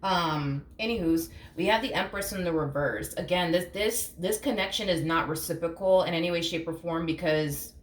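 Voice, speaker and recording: Woman, tarot reader, casual chat, blunt, swears a lot, lowish voice, echoey room. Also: normal speed, few pauses. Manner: chatty, blunt, swears freely; acts out imagined reactions in quotes. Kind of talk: casual tarot reading to camera. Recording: echoey room with faint hum.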